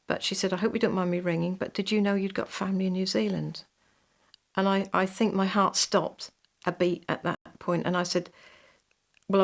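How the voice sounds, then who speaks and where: A woman's voice: lowish voice, creaky. A woman recounting her own story in an interview, vividly quoting what was said. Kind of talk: interview recollection.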